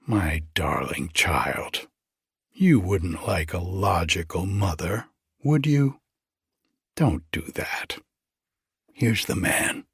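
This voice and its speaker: A man doing a calm, indulgent society mother. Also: low-pitched, takes it slowly, long pauses, breathy edge, no echo, studio quality, heavily acted. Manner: calm, gently amused.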